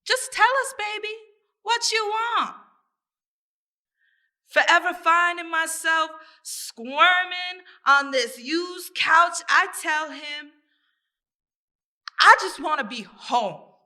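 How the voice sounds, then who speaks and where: Woman poet, spoken-word recital; high, crisp and bright, unhurried, rhythmic delivery. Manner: rhythmic, deliberate, repeating phrases. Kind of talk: spoken-word poetry performance.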